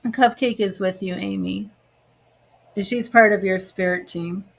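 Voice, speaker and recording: A woman's voice: medium pitch, fairly even intonation, measured pace, gravelly. Woman, psychic medium, live-stream reading, chatty, gushing, emotional. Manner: emotional, gushing, tearful at times; chatty with many fillers, laughs often. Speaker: tarot reader and psychic medium.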